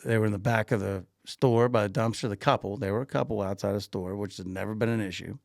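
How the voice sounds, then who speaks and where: Gravelly man telling a story. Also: fairly low pitch, a little fast, no room sound, studio quality. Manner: animated storyteller, laughs often, repeats himself. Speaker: podcast co-host and grocery store owner. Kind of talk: casual anecdote telling.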